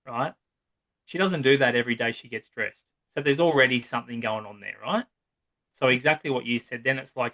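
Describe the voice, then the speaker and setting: Give me an Australian man, somewhere between his thirties and fifties, rambling through a relaxed podcast chat. He speaks at a middle pitch and keeps asking "right?" as he goes. He slips into other people's voices to act out examples. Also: fairly quick. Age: 30s to 50s. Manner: long-winded, acts out quoted voices, frequent "right?". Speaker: psychotherapist guest. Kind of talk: casual podcast conversation.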